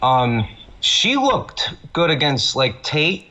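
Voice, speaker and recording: A man's voice: a little high, sing-song, slow pace, bright, forceful tone. A man guesting on a sports podcast, talking through fight analysis in a rambling, hesitant way with many fillers.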